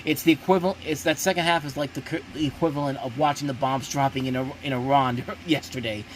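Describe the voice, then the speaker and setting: A man talks through a casual, unscripted movie review at a middle pitch. He is blunt and emphatic, stumbles and restarts often, and jumps up in pitch when he gets worked up. Faint noise sits under the recording. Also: steady tone, fast talker. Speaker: host of a movie review show.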